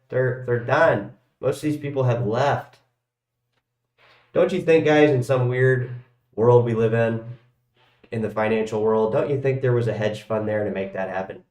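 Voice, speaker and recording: A man hosting a live stream, rambling and swearing, his loudness swinging from shouts to mumbles. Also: medium pitch. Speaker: crypto livestream host. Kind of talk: casual livestream rant. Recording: echoey room.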